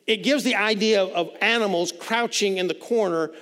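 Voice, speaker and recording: Man, pastor, preaching a sermon, high voice, conversational, repeats words, long hall reverb. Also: normal speed, fairly bright tone. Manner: conversational, repeats words while building points.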